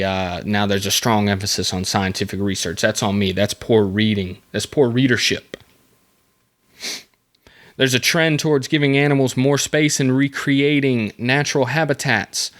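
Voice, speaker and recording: Guy doing a solo podcast, slow laid-back talk, goofy asides. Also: medium pitch, fairly bright tone. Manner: rambling, jokey, self-mocking asides. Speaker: podcast host. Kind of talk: casual solo podcast chat.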